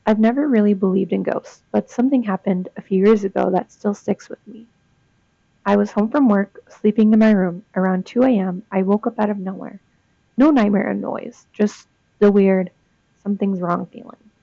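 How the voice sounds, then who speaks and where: A woman's voice: mid-range voice, fairly even intonation, moderate pace, creaky, mellow, dry recording. A young woman reading ghost stories aloud and chatting between them, reacting with gasps and comments. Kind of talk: casual reading with asides. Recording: dull lo-fi dry sound.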